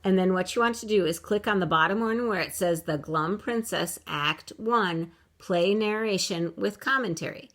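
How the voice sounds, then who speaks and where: A woman teaching young children phonics from home, slowly sounding out words letter by letter for her camera. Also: mid-range voice, a bit bright. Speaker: kindergarten teacher. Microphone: computer camera mic.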